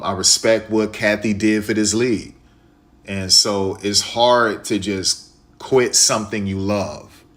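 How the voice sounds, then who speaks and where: A man's voice: lowish voice, a bit bright. A man from Chicago streaming live, talking casually and repetitively to his viewers, with a preachy way of speaking.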